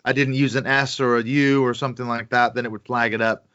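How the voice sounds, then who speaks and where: An American man as a podcast guest, good-humored and quick to laugh. His tone is bright and forceful. The recording is dry and a little dull. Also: medium pitch, level tone, smooth, no room sound. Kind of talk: casual interview chat. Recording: dry, slightly muffled podcast audio.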